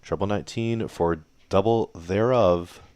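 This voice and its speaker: Low-voiced playful male darts commentator. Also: measured pace, a little mellow, smooth. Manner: playful, theatrical, jokes about the players. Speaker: darts league commentator and host. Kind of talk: play-by-play sports commentary. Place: home laundry room. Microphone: computer broadcast setup.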